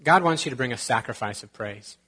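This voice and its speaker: A man's voice: mid-range voice, animated, brisk, sharp tone, husky. A man preaching a sermon as pastor, conversational with joking asides and quotes from scripture.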